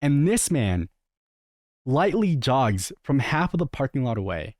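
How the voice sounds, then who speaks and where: A man's voice: mid-range voice, big pitch swings, unhurried, darkish tone, dry recording, clean studio sound. A young man hosting a casual reaction stream, telling stories with jokey acted quotes. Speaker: streamer host.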